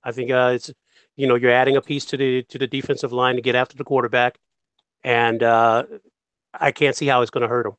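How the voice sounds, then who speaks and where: A man co-hosting a sports podcast who talks in a quick, offhand way, full of fillers. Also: mid-range voice, flat delivery, fairly bright tone, clean tone, dry recording. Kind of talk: casual sports debate.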